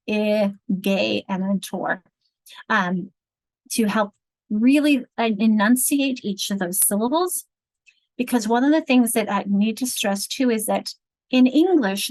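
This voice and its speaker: In a dry, low-quality recording, a woman with a fairly high-pitched voice runs a reading session for teachers. As a literacy trainer she explains things patiently, counts words out loud, and uses rhetorical questions to check understanding.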